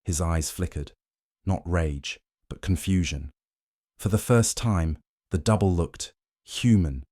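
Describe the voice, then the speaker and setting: A man giving tense, measured scripted narration of a detective thriller. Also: sits low, warm tone, no echo, clean studio sound.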